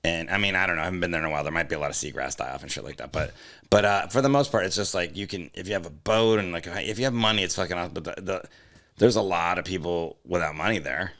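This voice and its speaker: A man's voice: sits low, fast, a bit bright. A man co-hosting a comedy podcast, rambling and teasing with plenty of profanity. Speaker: podcast co-host. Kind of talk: casual comedy chat.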